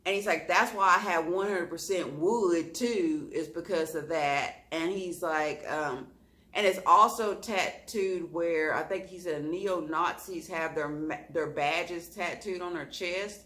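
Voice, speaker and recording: A woman telling a storytime to her vlog audience, her slightly low voice bright and forceful. She keeps the telling animated and expressive, breaking into laughter at the wild parts. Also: a little slow. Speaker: vlogger.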